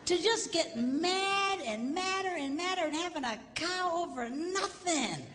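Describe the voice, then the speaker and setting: A middle-aged pastor delivers a comedic marriage seminar with a lively, bouncing voice, teasing his audience as he tells his stories. His voice rings out through a reverberant hall, with a faint hum of room ambience underneath. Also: extremely high pitch, unhurried, some chatter behind. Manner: animated storytelling, teasing the audience. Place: large hall before an audience.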